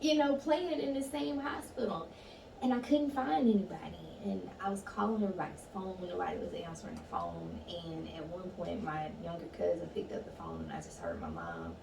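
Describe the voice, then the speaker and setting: Gravelly-voiced woman telling a hard story. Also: on the low side, very animated, fairly quick. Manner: candid, emotional storytelling. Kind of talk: casual conversation, personal story. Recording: echoey room, far mic, noisy.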